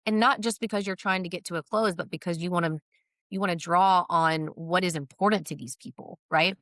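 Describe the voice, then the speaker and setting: A talkative woman with a somewhat low voice, chatting as a podcast guest. She ticks off her points one by one and keeps checking in with her listener. The sound is dry and close, with no room around it. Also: a little fast, a bit bright, no echo. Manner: chatty, lists points, uses "right?" often. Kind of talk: casual podcast conversation.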